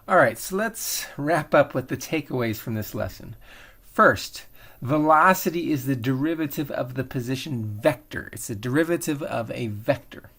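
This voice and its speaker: A man talks through an engineering lesson, relaxed and thinking aloud as he demonstrates on screen. His mid-pitched voice carries a gravelly fry at the ends of phrases. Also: normal speed. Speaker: engineering instructor. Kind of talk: screen-recorded lecture.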